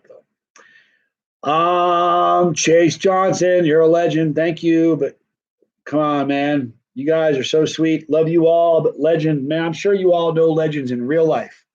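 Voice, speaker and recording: A middle-aged vlogger chats casually while answering his live chat, rambling and running himself down, tired and wired at the same time. His voice is on the high side at a moderate pace, and the recording has its highs cut off.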